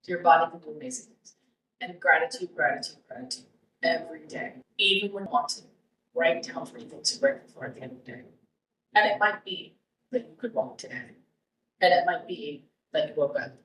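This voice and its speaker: A woman's voice: low-pitched, brisk, fairly bright tone, a little hiss or hum. A woman guest telling her own story in a casual interview, rambling with frequent restarts. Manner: rambling, with many restarts and fillers. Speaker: guest, cancer survivor. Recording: roomy, distant mic.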